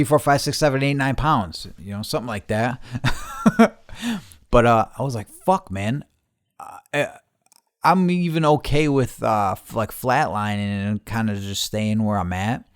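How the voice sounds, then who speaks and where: A man's voice: low-pitched, no room sound, clean studio sound. A man hosting a casual solo podcast from his garage, rambling and swearing freely while poking fun at himself. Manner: rambling, profane, self-mocking. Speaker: podcast host.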